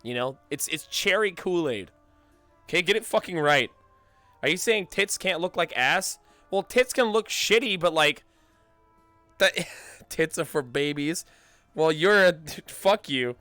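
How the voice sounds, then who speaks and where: A hoarse man joking loudly in crude, casual roleplay banter. His pitch swings up and down a great deal. His voice sounds bright and sharp, with a dry, close sound. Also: expressive, a little slow, long pauses, no echo, faint music behind. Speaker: streamer.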